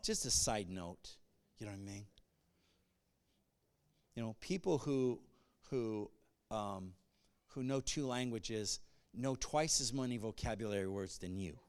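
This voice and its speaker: A male pastor giving a sermon, moving between conversational asides and loud call-and-response bursts. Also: lowish voice, unhurried, long pauses, smooth.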